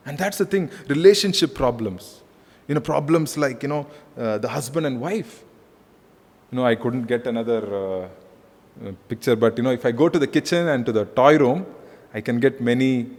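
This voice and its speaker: A man's voice: mid-range voice, a little mellow. A man preaching a conversational sermon as pastor, repeating phrases and saying "you know" often. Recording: echoey hall.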